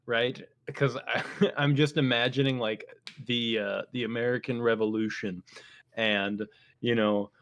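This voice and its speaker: A man co-hosting a podcast in casual chat, telling jokey stories with quick put-on voices and laughing often. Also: mid-range voice, no echo. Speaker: podcast co-host. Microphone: headphones.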